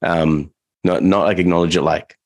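A man with a low, gravelly voice talks through dog training on a casual podcast. His delivery is loose and rambling, full of fillers and restarts. The sound is dry and close, with no room around it. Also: steady tone, normal speed, no echo.

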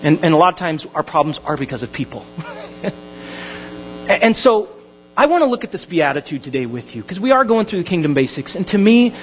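A male pastor, preaching a sermon with animated storytelling that swings from hushed to loud. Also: sits high, brisk, a little hiss or hum. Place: church hall. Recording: dull lo-fi sermon recording.

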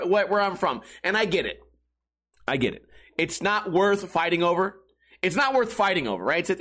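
A middle-aged man from Las Vegas spins a rambling, profane story with a high voice. His tone is bright and sharp, and he gets heated and laughs between lines.

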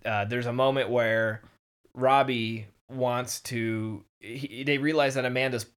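A man talking casually through a show recap, voice sitting at an ordinary middle pitch. He rambles with plenty of ums and likes, slipping into quick voices for the characters. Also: fairly even intonation, a bit bright, clear, resonant tone. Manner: rambling, filler-heavy, acts out characters' lines in quick voices. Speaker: podcast co-host.

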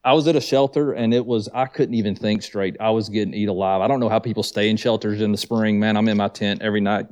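A man's voice: fairly low pitch, steady tone, quick pace, hardly any pauses, darkish tone. Man, Southern accent, guest, casual chat, easygoing storyteller, says man a lot. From Southern US, north of Atlanta. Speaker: guest hiker.

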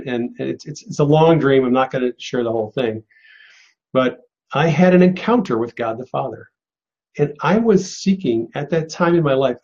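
A man's voice: mid-range voice, a little mellow. A man speaks earnestly on a live spiritual broadcast, encouraging his listeners and restarting his phrases often. His voice sits mid-range. The sound is a little dull and lo-fi. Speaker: host of a live prophetic broadcast. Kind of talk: pastoral teaching and answering callers.

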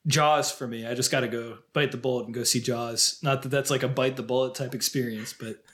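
A man's voice: medium pitch, fairly even intonation, brisk, a bit bright. A man talks loosely about movies on a podcast, with a mid-range voice. He's conversational and easygoing, laughing often and listing favorites. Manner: chatty, laughs easily, lists films. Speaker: podcast co-host. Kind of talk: casual film chat.

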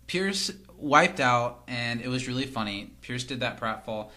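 A man's voice: mid-range voice, lively intonation, unhurried, bright, forceful tone. A man co-hosting a casual podcast, recapping scenes, quoting lines and laughing often. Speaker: podcast co-host. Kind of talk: casual rewatch chat.

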